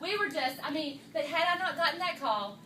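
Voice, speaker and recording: A woman giving a lively, chatty motivational talk to her team at a meeting, calling them y'all. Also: sits high, fairly quick, echoey room, recorded from a distance, a crowd in the background, poor audio. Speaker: sales director speaking to her team. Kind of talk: motivational talk to a live audience. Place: meeting room with an audience.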